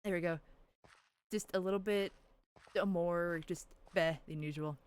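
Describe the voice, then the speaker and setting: A woman's voice: fairly low pitch, steady tone, unhurried, slight background noise. Chatty woman streamer cooing at her game. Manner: chatty, squeals and coos over cute characters; rambling, with restarts and giggles. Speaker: livestreamer. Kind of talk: casual gameplay commentary to chat.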